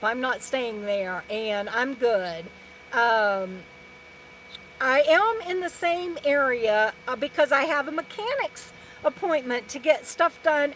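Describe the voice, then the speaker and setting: High-voiced chatty woman. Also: a bit bright, a little hiss or hum, poor audio. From Texas. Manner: rambling and chatty, many restarts and fillers. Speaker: RV lifestyle vlogger. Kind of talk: live stream chat reading viewer comments.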